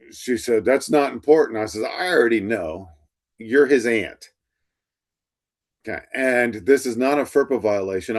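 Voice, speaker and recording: A middle-aged male instructor lecturing to a class, telling stories and acting out the dialogue. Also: medium pitch. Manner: storytelling, acts out quoted dialogue.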